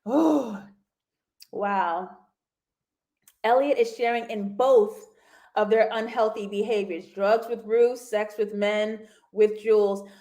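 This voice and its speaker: A woman hosting a casual livestream TV review, animated and laughing often as she talks to her viewers. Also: medium pitch, takes it slowly. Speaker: TV review host.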